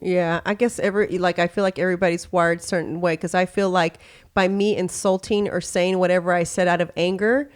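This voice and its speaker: Her voice fairly low, steady, and clean, this woman from Texas talks briskly as she hosts a podcast. She chats candidly and casually, leaning on filler phrases and acting out snippets of quoted dialogue along the way.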